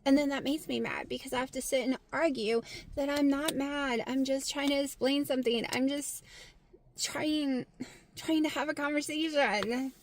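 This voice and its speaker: Southern-accented woman vlogger, candid and animated, voice goes loud when worked up, swears freely, higher register. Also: moderate pace, a little hiss or hum. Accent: Southern American. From Southern United States. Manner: frank and blunt, swears freely. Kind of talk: casual talk to camera.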